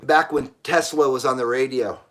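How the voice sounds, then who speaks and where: A man's voice: medium pitch, fairly even intonation, normal speed, a bit bright. A middle-aged man hosting a casual live stream, reading viewers' messages aloud and answering bluntly, with frequent swearing and laughter. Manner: blunt, profane, laughs often.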